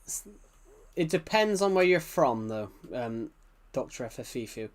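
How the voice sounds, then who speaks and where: Unhurried and lively in intonation, a mid-range male voice with a British accent drifts through casual talk on a live game stream. The UK man rambles, answers messages from chat, and often begins sentences again.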